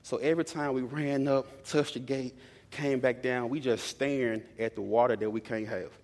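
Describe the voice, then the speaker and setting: A young man delivers a sermon in a loose, conversational storytelling voice, often repeating key lines for emphasis. His pitch sits in the middle of the usual range for men. The sound rings out with the long reverb of a large church hall. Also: steady tone, normal speed, a little mellow. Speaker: preacher.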